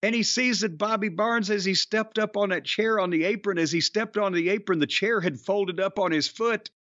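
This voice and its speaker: A man's voice: sits high, normal speed, no echo, dull audio. A man, a former pro wrestler, telling rambling, profane stories in casual chat. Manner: rambling, profane, animated storytelling.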